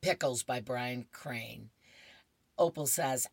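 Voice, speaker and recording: A woman's voice: low voice, unhurried, fairly bright tone, dry recording. A woman radio reader going through horoscopes and comic strips, with chatty asides and laughter at the jokes.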